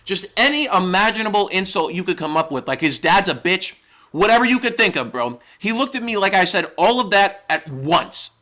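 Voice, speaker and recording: Bright-voiced young man telling a story. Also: high-pitched, animated, brisk. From New York. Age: young adult. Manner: profane, exaggerated, rambling comic storytelling. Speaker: YouTuber. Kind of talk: comedic storytime narration.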